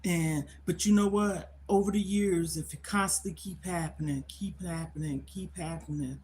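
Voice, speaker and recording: A woman's voice: fairly low pitch, fairly even intonation, moderate pace, darkish tone. An older woman tells a long personal story to her livestream viewers, with emphatic, repetitive phrasing. She talks into a phone in a casual, conversational way. A faint hiss sits under her voice. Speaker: livestream host.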